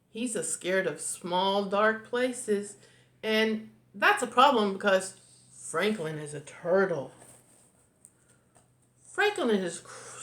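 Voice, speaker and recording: A woman reading a picture book aloud in a slow, expressive way, her bright voice rising and falling. The room around her is echoey. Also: medium pitch. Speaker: storyteller.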